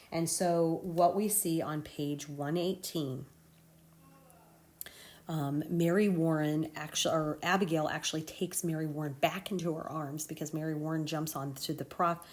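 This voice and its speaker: A woman's voice: sits low, a little mellow. A woman teacher talking students through a play in a recorded lesson, conversational and often checking in with "okay?".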